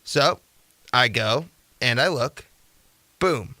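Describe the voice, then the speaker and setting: A young man hosting a casual sports talk radio show, energetic and rambling, who slips into rhetorical rants. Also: mid-range voice, takes it slowly, dry recording.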